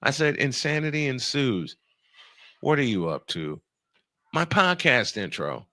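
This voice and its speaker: Animated, bright-voiced man telling a story. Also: medium pitch, dry recording. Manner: animated, laughing, quick bursts of speech. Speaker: radio and podcast host. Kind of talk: storytelling in casual chat.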